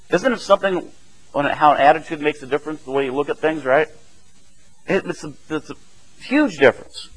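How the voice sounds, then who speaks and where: A man's voice: on the high side, fairly quick, low-quality recording. A man preaching a sermon in a conversational way, often asking "right?" and chuckling as he explains the passage.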